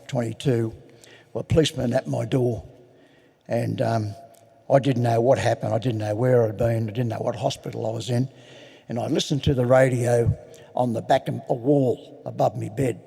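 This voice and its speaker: A husky, creaky, warm voice of medium pitch belongs to an older Australian AA convention speaker relating his own recovery. Frank and unpretentious, he jokes at his own expense, and his words echo with the long reverb of a large hall.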